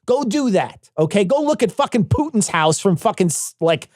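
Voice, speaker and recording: A podcast co-host in casual political chat, blunt and profane, repeating lines for emphasis. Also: male voice, sits high, sing-song, normal speed, darkish tone, dry recording, clean studio sound.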